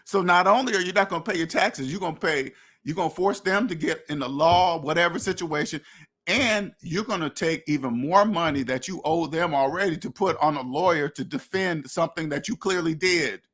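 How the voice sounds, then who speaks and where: A man's voice: on the high side, a little fast, fairly bright tone. Blunt, preachy man talking money. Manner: blunt, preachy, acts out imagined dialogues; profane. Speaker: finance podcast host. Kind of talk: casual monologue.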